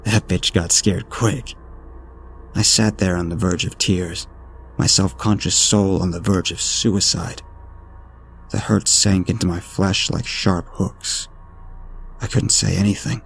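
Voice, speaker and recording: A man narrating a horror story in a steady, ominous storytelling manner. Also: deep voice, measured pace, creaky. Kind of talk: scripted narration. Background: faint music.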